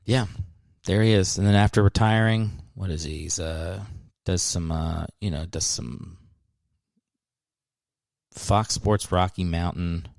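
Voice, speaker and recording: A man's voice: low voice, gravelly, a little mellow, no room sound. A man hosting a solo comedy podcast, riffing sarcastically with plenty of swearing. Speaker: podcast host.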